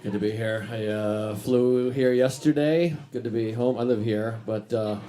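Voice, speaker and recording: A man's voice: medium pitch, steady tone, normal speed, mellow. A man doing a stand-up comedy set on stage, talking in a dry, grumpy, self-deprecating way. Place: comedy stage before a live audience.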